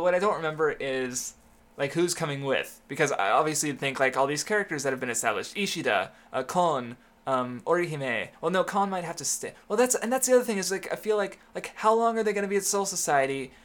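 A man co-hosting a casual chat, rambling and halting with many fillers and restarts, swearing casually. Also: a little high, expressive, a bit bright. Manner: swears casually, laughs often. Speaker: podcast co-host.

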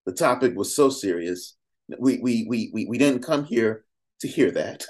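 A man's voice: mid-range voice, animated, a little mellow. Emphatic man speaking his mind. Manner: emphatic, fires off rhetorical questions; conversational, many fillers and quick asides. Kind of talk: impassioned conversational commentary.

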